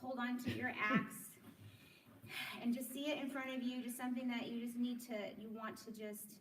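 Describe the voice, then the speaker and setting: A woman leading a group wellness class, explaining calmly and encouraging people to join the exercises. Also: on the high side, normal speed, a little hiss or hum. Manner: encouraging, demonstrates loud shouts. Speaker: workshop leader. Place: room with a group. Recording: echoey room, from far off.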